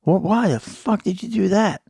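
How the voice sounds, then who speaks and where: A man in his sixties with a gravelly, fry-laced voice, chatting as a podcast host. He swears freely and laughs at his own stubbornness. The sound is dry and close, with no room around it. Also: high voice, moderate pace, warm tone, dry recording. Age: 60s. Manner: profane, self-mocking storyteller. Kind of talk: casual interview chat.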